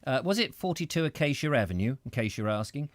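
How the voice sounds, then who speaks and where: A man's voice: medium pitch, sing-song, fast, no room sound. A middle-aged Englishman hosting a live reading, breaking off into rambling, self-interrupting chat about the text and viewers' comments. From Britain. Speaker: reader and host.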